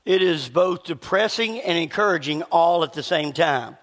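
A man preaching a sermon in a church, talking in a relaxed, conversational way with a throat that is a little scratchy. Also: on the high side, big-room sound. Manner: conversational preaching with a slight rasp, pauses to cough. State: scratchy voice needing a cough drop. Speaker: pastor. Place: church sanctuary with long reverb.

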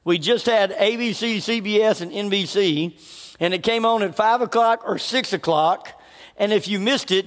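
High-voiced pastor preaching in a hall. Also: male voice. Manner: storytelling, conversational, frequent restarts. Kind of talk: sermon. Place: church hall. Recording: reverberant hall.

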